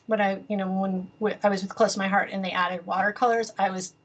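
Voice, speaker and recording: A woman's voice: medium pitch, little pitch movement, quick pace. A woman artist being interviewed on a podcast, talking casually with many fillers and easy laughter. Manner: rambling, lots of fillers and restarts, laughs easily. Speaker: guest artist.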